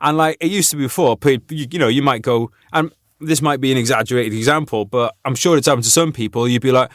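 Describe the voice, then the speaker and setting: A man who is an army veteran, hosting a podcast in a relaxed, laughing chat full of swearing and banter. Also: mid-range voice, fast talker, hardly any pauses, no echo, clean studio sound. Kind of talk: casual chat.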